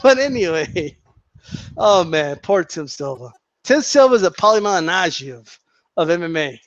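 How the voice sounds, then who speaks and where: A man's voice: high-pitched, big pitch swings, normal speed, no echo, dull audio. A man ranting casually to his viewers, heated and profane, mocking people and repeating himself for emphasis. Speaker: boxing commentator vlogger.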